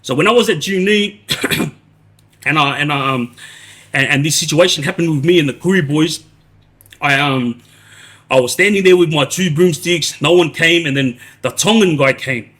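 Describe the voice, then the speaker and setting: Casually telling prison stories on a live stream, this Australian man in his 40s rambles, restarts a lot and peppers in "yeah?" checks. He speaks at normal speed with frequent pauses, in a fairly high, slightly bright voice.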